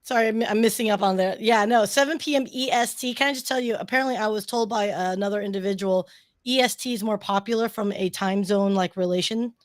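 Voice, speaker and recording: A bubbly co-host and producer from Southern Oklahoma chats casually on a video call, rambling enthusiastically. She talks fast in a mid-range voice, with no echo.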